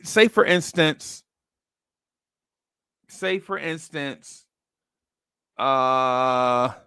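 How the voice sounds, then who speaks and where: A man's voice: medium pitch, pushed and bright, smooth, no room sound, studio quality. A man hosting a podcast, chatting casually about basketball trades and acting out imagined phone calls. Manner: acts out phone calls in a streetwise voice. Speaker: podcast host.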